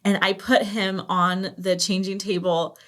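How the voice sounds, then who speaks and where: A woman in her thirties from the United States, a podcast guest telling lively stories and acting out what people said. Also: mid-range voice, measured pace. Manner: animated storyteller, acts out quoted dialogue. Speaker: podcast guest, business founder. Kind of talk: casual interview chat.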